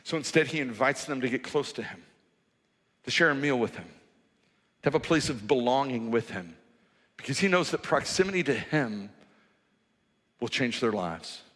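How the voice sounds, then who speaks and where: A man preaching a sermon in a church hall, telling the story in a lively, conversational way. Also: medium pitch, normal speed, long pauses. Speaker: pastor. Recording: reverberant hall.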